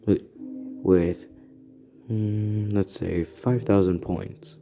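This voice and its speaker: A man's voice: fairly low pitch, steady tone, very slow, dark tone, faint music behind. A man doing a boastful superhero mentor.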